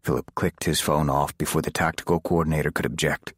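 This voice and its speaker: A man narrating a thriller audiobook in a measured, dramatic reading. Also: rumbling low, flat delivery, breathy edge, dry recording, clean studio sound. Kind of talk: scripted narration.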